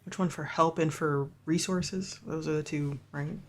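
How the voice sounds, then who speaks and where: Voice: medium pitch, steady tone, a little slow. Wry player at a tabletop game. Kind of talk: tabletop roleplay, in and out of character.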